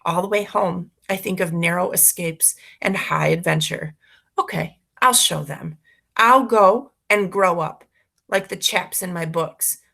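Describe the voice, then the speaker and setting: A woman's voice: lowish voice, creaky, a bit bright. A woman reading a children's story aloud expressively, narrating as a boy. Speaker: reader for schoolchildren.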